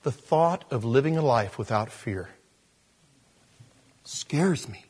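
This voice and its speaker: A man preaching a sermon in an animated, self-deprecating way, chuckling and acting out voices when he quotes people. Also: medium pitch, slow, breathy edge. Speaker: pastor.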